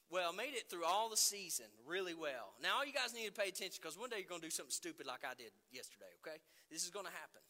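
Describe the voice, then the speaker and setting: A middle-aged man preaching in a church sanctuary, his voice sharp and cutting and sitting a little high. He tells stories against himself with lively energy. Long reverb trails each phrase around the hall. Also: fast, hardly any pauses. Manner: animated, self-deprecating storytelling. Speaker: pastor. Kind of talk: sermon.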